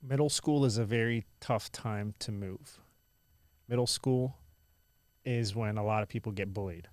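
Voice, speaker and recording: A young man from India who now speaks with an American accent, telling stories as a guest in a casual interview, animated and full of "like". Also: lowish voice, unhurried, dry recording. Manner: animated, lots of "like" and "I was like" quotes.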